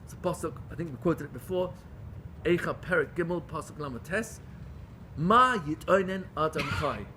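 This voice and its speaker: A man teaching a Torah class to a group. He questions his listeners and swings between loud pleading and hushed intimacy. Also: a little high, lively intonation, normal speed, slight background noise. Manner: questions the audience. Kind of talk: Torah lecture to a live group.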